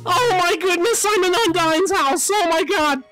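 A man voicing an excitable young male monster kid in a social VR game, gushing and stammering with excitement. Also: very high voice, measured pace, soft background music, full character voice, rough recording. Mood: starstruck. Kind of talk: voice chat role-play in a social VR game.

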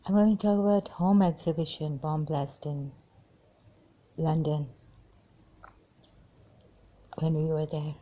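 A woman recounting memories in a halting personal monologue, pausing often, apologizing and trailing off. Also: deep voice, fairly even intonation, mellow. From Pakistan. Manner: hesitant, many pauses and apologies, trails off.

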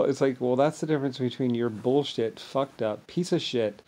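Man, gravelly mid-pitched voice, rambling boastful monologue, mumbles low then bursts out loud. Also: steady tone, fairly quick, few pauses. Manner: grandiose, rambling, mocks others with blah-blah voices. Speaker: vlogger.

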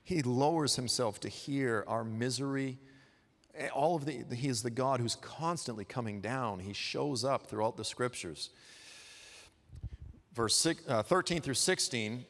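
A man's voice: mid-range voice, measured pace, a bit bright. A man giving a sermon in a church, telling the story in a conversational, humorous way. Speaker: guest preacher. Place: church hall. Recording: long hall reverb.

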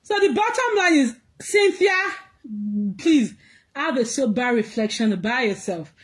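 High-pitched Nigerian woman ranting. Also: lively intonation, a little slow. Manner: laughs through her words, shouts out bursts; mixes pidgin and English, scolding. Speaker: social media commentator. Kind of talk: ranting vlog commentary.

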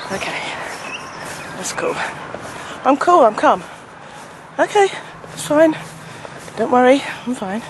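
A woman playing an obsessed, hot-tempered football mum, yelling at the referee and her son in a comedy sketch. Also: mid-range voice, background noise. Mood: forced calm. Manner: screaming at the referee, then forcing herself calm. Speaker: parent yelling at a youth football match.

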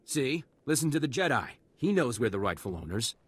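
An indignant settler. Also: male voice, medium pitch, very animated, a little fast, husky, dry recording. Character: stubborn male settler claiming his land. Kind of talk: video game dialogue.

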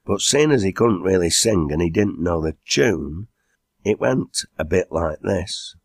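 A man with a Lancashire accent narrating an audiobook in a measured, unhurried reading style. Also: low voice, lively intonation, no room sound, clean studio sound. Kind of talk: storybook narration.

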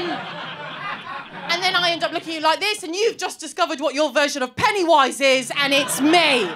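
High-voiced, rambling woman comic. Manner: rambling, self-deprecating chatter. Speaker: stand-up comedian. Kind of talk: stand-up comedy. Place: comedy club stage. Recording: live comedy club with audience laughter.

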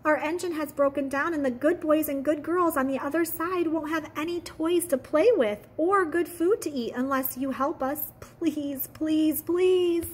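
A woman voicing a chorus of dolls and toys in a children's storybook, pleading in a raised, high voice. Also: unhurried, hardly any pauses. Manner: high, loud, begging.

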